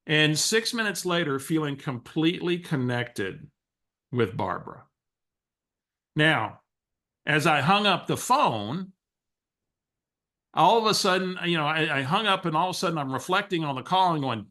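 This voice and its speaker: Bright-voiced man coaching. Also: fairly high pitch, moderate pace. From Texas. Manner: animated storyteller who acts out quoted dialogue, with frequent restarts. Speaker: real estate coach. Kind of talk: coaching call storytelling.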